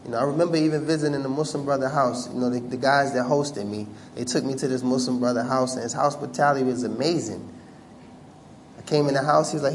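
A man with a mid-range voice tells a funny story to an audience at a quick clip, with background noise behind him. He talks conversationally, uses lots of fillers, and animatedly acts out other people's voices.

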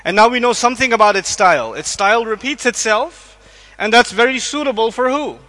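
A man giving an animated religious lecture to a live audience, questioning listeners and acting out quotes. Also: very high voice, fairly quick. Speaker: Islamic lecturer. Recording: echoey hall.

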